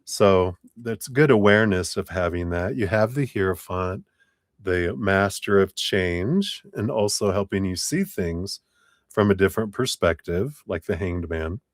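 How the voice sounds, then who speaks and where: A man's voice: sits low, unhurried, dry recording, studio quality. A man giving a live-stream tarot reading in a chatty, laughing, rambling way. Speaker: tarot reader. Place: home room with air conditioner.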